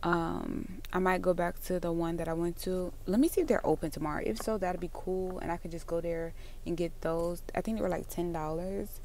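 A young woman talks casually to her viewers, calling them y'all and girl. Her voice is smooth and a little sleepy, set slightly low. A faint hum of background noise sits under her speech. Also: fairly even intonation, a little fast, few pauses, a little mellow. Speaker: vlogger. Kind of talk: casual vlog chat while running errands. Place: in a car and stores.

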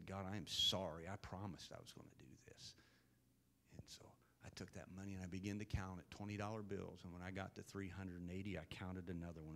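A man in his fifties, a pastor telling a personal story in a sermon, then building to loud, earnest preaching. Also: sits low.

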